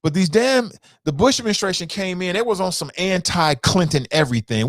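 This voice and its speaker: A male talk radio host in his fifties delivers a blunt, profane monologue, hammering his points home by repeating them. His pitch rises and falls with lively swings. The sound is dry and close, with no room around it. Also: brisk, dry recording. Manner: blunt, profane, impassioned, repeats phrases for emphasis.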